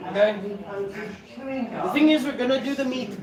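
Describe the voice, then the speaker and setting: A man's voice: extremely high pitch, moderate pace, long pauses, echoey room, a loud crowd. A man from South Africa chatting casually on a livestream while he cooks in his kitchen, swearing freely as he talks. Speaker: streamer cooking.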